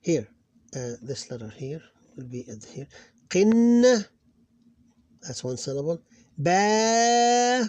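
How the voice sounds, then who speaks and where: A man's voice: mid-range voice, moderate pace, mellow, breathy edge, no echo. A man teaching an Arabic phonics lesson, sounding out syllables one at a time with patient explanations. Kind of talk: slow reading lesson.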